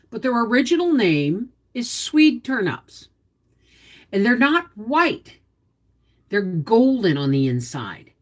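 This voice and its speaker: Lively folksy woman hosting a livestream. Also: a little high. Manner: chatty, explains cooking and gardening while answering viewers' comments; folksy, down-to-earth. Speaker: homestead channel host. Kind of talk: casual livestream chat.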